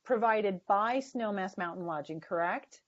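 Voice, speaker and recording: A woman's voice: medium pitch, a little slow. Woman coaching a sales webinar, lo-fi. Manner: emphatic, coaching tone. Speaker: sales trainer. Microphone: video call. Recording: dull lo-fi webinar audio.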